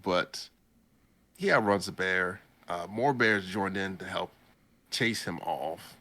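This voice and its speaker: A man's voice: deep voice, slow pace, sharp tone. A young man hosting a podcast, casually recapping a story in a rambling way, laughing as he goes. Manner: rambling, laughs while he tells it. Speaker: podcast host.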